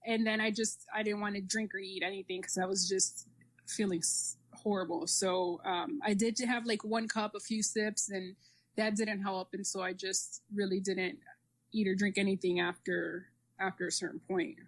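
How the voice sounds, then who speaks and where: A woman's voice: medium pitch, little pitch movement, moderate pace. A woman guest talking casually in an interview, rambling with many "like" and "um" fillers. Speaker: triathlete guest.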